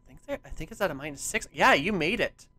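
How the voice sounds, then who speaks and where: A man's voice: a little high, animated, fast, sharp tone, breathy edge. A man running a tabletop game as game master, narrating and ruling with many hesitant fillers.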